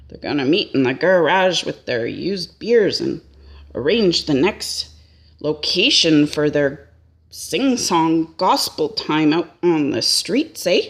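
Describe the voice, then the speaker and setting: A woman's voice: sits low, expressive, slow pace. A woman doing a rambling, folksy comic monologue and tagging her lines with a questioning "eh?". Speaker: comedian.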